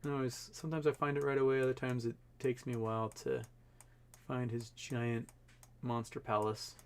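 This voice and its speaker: A man's voice: mid-range voice, little pitch movement, moderate pace, clean tone. A man hosting a casual livestream, rambling through commentary with lots of fillers and the odd profane aside. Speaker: livestream host.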